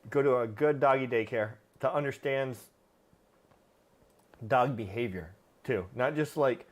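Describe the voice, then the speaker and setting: A man's voice: mid-range voice, unhurried. A man hosting a live stream, answering viewer questions about dogs in a plain-spoken, casual way with frequent fillers. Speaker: livestream host, dog trainer.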